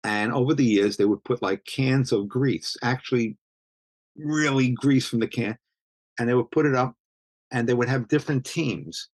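The recording is dry, and the speaker is a 70-something Brooklyn street photographer with a mid-range voice and moderate pace. In this casual interview he tells rambling stories, full of restarts and repeated "you know"s.

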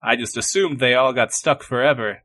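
A man's voice: mid-range voice, brisk, fairly bright tone. A man playing a tabletop game who talks in a joking, playful way. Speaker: player. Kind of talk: casual tabletop game play.

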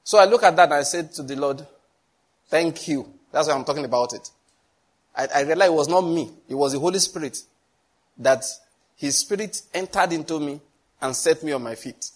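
A middle-aged pastor's somewhat high voice moves at a moderate pace as he teaches about prayer. His testimony is earnest and story-driven, marked by chuckles and repetition.

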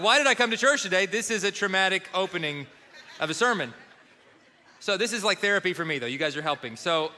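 A man's voice: high-pitched, bright, forceful tone. A middle-aged man preaching a sermon, telling a self-deprecating story and acting out the people in it. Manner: storytelling, self-deprecating, acts out phone calls. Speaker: pastor.

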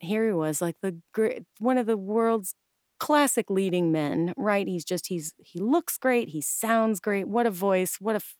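A woman speaks as a guest in a casual interview, chatty and animated, often restarting her sentences and slipping into voices of the people she quotes. Her voice sits at an ordinary pitch. The sound is dry, with no room echo. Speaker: guest, improv coach and stylist.

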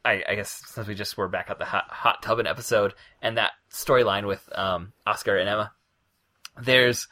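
A man co-hosts a podcast in casual chat, his lowish voice bright and forward. He retells comic scenes with relish before drawing out his point. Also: steady tone, moderate pace. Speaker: podcast co-host.

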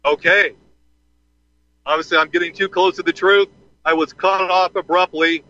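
A man's voice: sits high, fairly even intonation, moderate pace, pushed and bright, no room sound, muffled recording. Rambling man telling a story. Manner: rambling, with fillers and restarts. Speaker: podcast host. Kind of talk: casual storytelling monologue. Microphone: phone call from underground.

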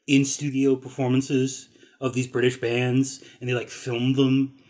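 A man's voice: medium pitch, unhurried. A man guesting on a podcast, chatting casually about films and agreeing often. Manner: relaxed, agreeable, frequent short affirmations. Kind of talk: casual film discussion.

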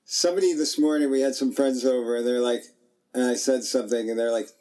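A man's voice: medium pitch, fairly even intonation, fast, mellow. A middle-aged man co-hosting a podcast, chatting casually in a wry, joking way that builds up to punchlines. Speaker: podcast co-host. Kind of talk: casual chat.

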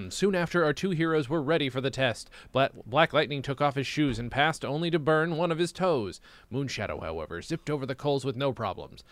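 Animated man reading aloud sarcastically. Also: mid-range voice, a little fast, no room sound. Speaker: co-host reading a childhood story. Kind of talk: comedic read-aloud with commentary.

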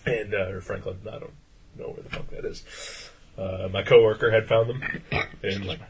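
Lowish husky guy on a podcast, rambling story, lots of uhs and swearing. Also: steady tone, normal speed, rough recording. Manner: rambling storyteller, many "uh" fillers, swears freely. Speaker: podcast co-host. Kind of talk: casual chat.

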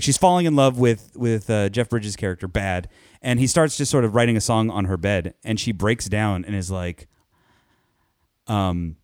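A man's voice: mid-range voice, darkish tone, dry recording, studio quality. A man co-hosting a casual film review chat, talking loosely with many hesitations. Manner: chatty, hesitant with many ums. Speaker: podcast co-host reviewing films.

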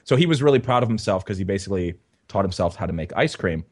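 Talking quickly and with animation, a man co-hosting a podcast rambles through a story full of fillers and restarts in a casual chat. His voice sits low and carries a breathy edge.

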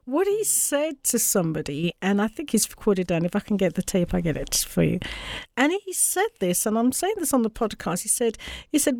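A woman's voice: mid-range voice, very animated, normal speed, vocal fry, darkish tone, no room sound. A woman hosting a podcast, asking encouraging questions in casual interview chat. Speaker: podcast host.

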